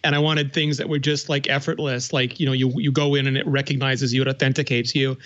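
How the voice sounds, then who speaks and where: A man's voice: mid-range voice, little pitch movement, quick pace, a bit bright, lo-fi sound. A man on a podcast panel in casual tech chat, talking fluently and with enthusiasm.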